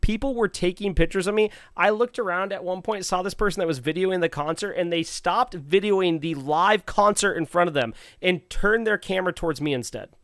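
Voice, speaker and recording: A man co-hosts a podcast and spins a playful, animated story. His voice is smooth and clean. The sound is dry, with no room around it. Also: high-pitched, no echo. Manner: animated, playful, quotes others in quick bursts. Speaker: podcast co-host. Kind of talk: casual storytelling chat.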